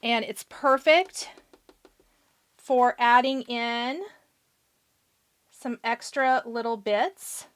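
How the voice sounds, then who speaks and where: A woman's voice: fairly high pitch, very slow, pauses often, fairly bright tone. A woman hosting a live card-making demonstration, chatting casually and answering viewer questions as she works. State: has the hiccups. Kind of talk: live-stream craft demonstration.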